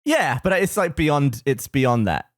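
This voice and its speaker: Lively British man, chatty co-host. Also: mid-range voice, a little slow, no room sound, clean studio sound. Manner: laughing, wry interjections. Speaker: podcast co-host. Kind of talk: casual chat.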